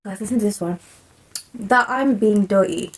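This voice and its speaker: A woman's voice: medium pitch, normal speed, husky, rough recording. A young woman chats straight to her viewers, giggly and chatty. She keeps apologising as she goes, sounding casual and unscripted. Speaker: vlogger. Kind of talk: casual chat to camera, reading messages aloud.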